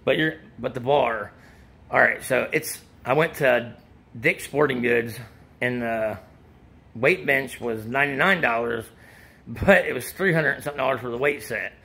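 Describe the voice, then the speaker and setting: Man, middle-aged, gravelly voice, bright edge, winded, rambling casual chat. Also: medium pitch, normal speed. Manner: rambling, restarts sentences often. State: out of breath after working out. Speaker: vlogger giving supplement advice.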